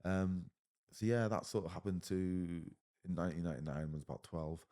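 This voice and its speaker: English guy in his 30s on a podcast, deep voice, talks fast, blunt and sweary. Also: mellow. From England. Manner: blunt, heavy swearing, says mate often. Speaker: podcast guest. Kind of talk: casual conversation.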